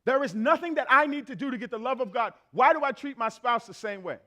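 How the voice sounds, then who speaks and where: A very high-pitched, fast-talking preacher with a sharp tone addresses his church congregation. His sermon is conversational and emphatic, with phrases repeated for effect and everyday exchanges acted out.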